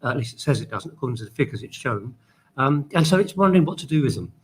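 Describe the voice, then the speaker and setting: Male news presenter, husky, measured and explanatory. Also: mid-range voice, big pitch swings, poor audio. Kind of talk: casual news summary.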